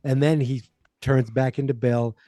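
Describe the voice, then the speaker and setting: A man's voice: medium pitch, fairly even intonation, a little slow, warm tone, no room sound, studio quality. A man hosting a podcast, animatedly recapping a TV episode in casual chat and acting out the characters' lines. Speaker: podcast host.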